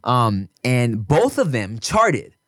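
A man's voice: mid-range voice, slow pace, no echo, studio quality. A young man co-hosting a casual podcast, telling stories with swearing and frequent laughter. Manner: laughs a lot, swears, animated storytelling. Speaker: podcast co-host, musician. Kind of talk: casual chat.

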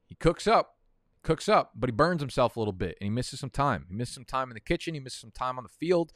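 He's a young guy hosting a fantasy football draft on stream, rambling and cursing through casual chat that keeps wandering off topic. His mid-range voice moves at a quick pace with lively intonation, recorded dry with clean studio sound.

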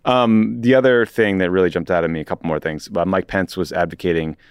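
A man's voice: low voice, steady tone, fast talker, clear, resonant tone, no room sound. A man co-hosting a political podcast in casual chat, dry and wry, reading excerpts aloud with short asides. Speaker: podcast co-host.

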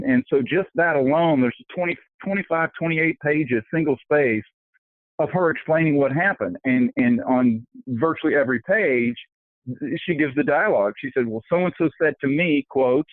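A man talks through his answers in a tinny, phone-like sound with a close, dry feel. He fills pauses with ums and you-knows and restarts his sentences as he explains. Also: medium pitch, no echo. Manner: talkative, many fillers and restarts. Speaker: author guest. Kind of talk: interview answers.

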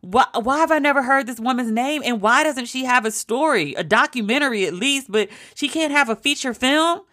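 Emphatic, chatty woman with a higher voice. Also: lively intonation, brisk, a bit bright. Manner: emphatic, chatty, with casual swearing. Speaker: TV show reviewer. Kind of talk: casual spoken TV recap.

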